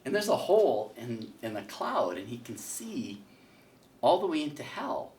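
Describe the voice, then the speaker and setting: A man's voice: mid-range voice, big pitch swings, normal speed, a little mellow, roomy sound, slight background noise. Guy teaching a church class, chatty storyteller, lots of ups and downs, mic far away. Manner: storytelling, folksy, with fillers. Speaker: catechism teacher. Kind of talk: casual classroom teaching with a told joke. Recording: voice picked up from a distance.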